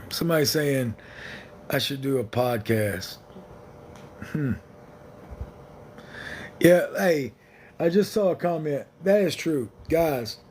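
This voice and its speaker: A man's voice: medium pitch, a little mellow, a little hiss or hum. A man hosting a casual livestream, talking to viewers in a blunt, rambling, joking way. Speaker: livestream host.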